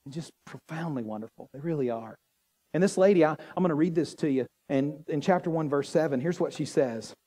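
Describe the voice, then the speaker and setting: A man preaching a sermon as pastor, animated and joking with the congregation. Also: on the high side, a little fast. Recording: long hall reverb.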